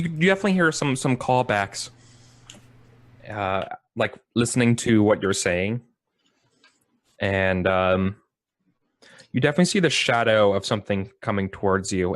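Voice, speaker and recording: A man's voice: on the low side, no room sound, clean studio sound. A man narrating as game master, loose and rambling with many fillers.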